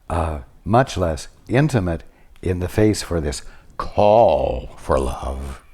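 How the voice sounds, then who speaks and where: Man for a spiritual study-group talk: low, dark voice, deliberate and unhurried delivery with long pauses.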